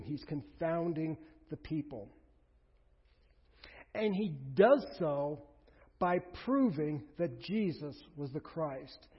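A pastor preaching a sermon, emphatic, with rhetorical questions, swinging between loud and hushed. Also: male voice, on the high side, slightly rough. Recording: reverberant hall, dull lo-fi sound.

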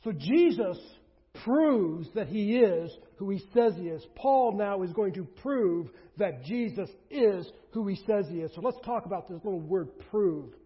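A pastor preaching a sermon, emphatic, with rhetorical questions, swinging between loud and hushed. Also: male voice, high-pitched, lively intonation, unhurried, slightly rough. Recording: reverberant hall, dull lo-fi sound.

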